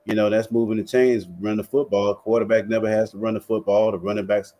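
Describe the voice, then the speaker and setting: Low-voiced man breaking down a game. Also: fast talker. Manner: relaxed, steady, many fillers. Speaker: panel guest. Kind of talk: casual sports analysis.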